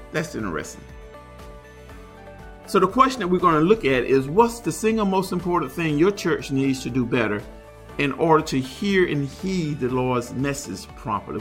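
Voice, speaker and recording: A man, a pastor, teaching a Bible study in an unhurried, explanatory way, reading verses aloud and commenting on them. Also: fairly high pitch, bright, forceful tone.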